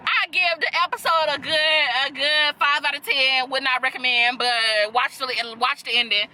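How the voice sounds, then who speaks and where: Sassy, bright-voiced young woman vlogger. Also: sits high, moderate pace. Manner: sassy, profane, animated with laughter. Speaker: reaction video host. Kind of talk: casual reaction chat.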